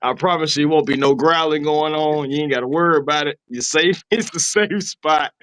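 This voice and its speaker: A man, hosting a sports podcast in a relaxed, playful chat. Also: fairly high pitch, moderate pace, slight background noise. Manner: laughing, playful sign-off plugs. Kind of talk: casual chat.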